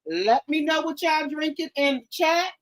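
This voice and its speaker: A woman hosting a casual livestream from home, greeting viewers in the chat by name and bursting into loud exclamations, eating while she talks. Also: sits high, expressive, normal speed. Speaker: livestream host. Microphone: streaming from home.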